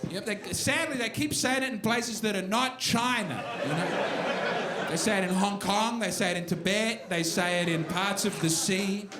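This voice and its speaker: A man with an Australian accent doing a stand-up set, dry and mocking, with shouted impressions. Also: high-pitched, moderate pace, heavy background noise. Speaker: stand-up comedian. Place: comedy club stage. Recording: roomy club recording with loud crowd. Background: audience laughter.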